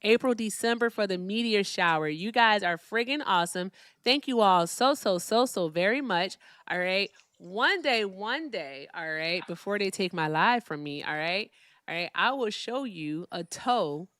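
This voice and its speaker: A woman's voice: fairly low pitch, lively intonation, normal speed, a bit bright, dry recording. A woman from Virginia with a Midwestern accent hosting a casual livestream, chatting and thanking viewers for their gifts. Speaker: livestream host.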